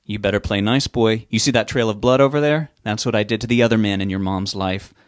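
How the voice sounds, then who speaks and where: A man puts on a swaggering, menacing father from a storybook reading. He taunts and mocks, loud and self-satisfied, in a low voice. The sound is dry and close. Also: steady tone, brisk, no echo, close to an everyday voice. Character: menacing drunk middle-aged father with a gun.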